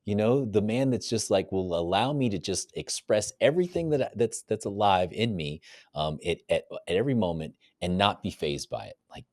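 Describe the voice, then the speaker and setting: A man's voice: on the low side, animated, moderate pace, darkish tone, no echo, clean studio sound. A man, a men's coach, guesting on a podcast and explaining ideas reflectively, often checking in with "right?". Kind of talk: casual podcast conversation.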